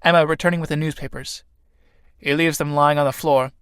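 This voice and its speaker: A man narrating the stage directions of a play in an audiobook, in an even reading voice. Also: fairly high pitch, fairly quick, smooth, no room sound, clean studio sound.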